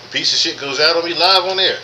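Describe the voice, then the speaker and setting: A man's voice: fairly high pitch, fast, sharp tone, a little hiss or hum, poor audio. Man, podcast host, casual rambling talk, profane, repeats lines, home streaming mic. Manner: profane, repetitive, greets chat viewers by name.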